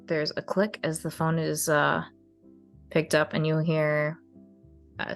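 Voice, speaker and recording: A woman narrating a tabletop game as game master in a measured way. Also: deep voice, a bit bright, soft background music. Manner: slow, measured narration with fillers.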